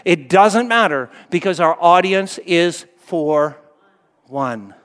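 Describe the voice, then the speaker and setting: Male preacher, high voice, emphatic sermon cadence that rises and falls quiet, long hall reverb. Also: expressive, slow. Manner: emphatic, repetitive preaching cadence, swelling then dropping soft. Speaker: pastor.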